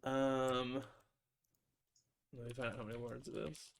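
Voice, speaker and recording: A man's voice: medium pitch, level tone, a little slow, vocal fry, a little hiss or hum. A man, a tabletop game master, chatting casually on a video call, rambling with many fillers and restarts.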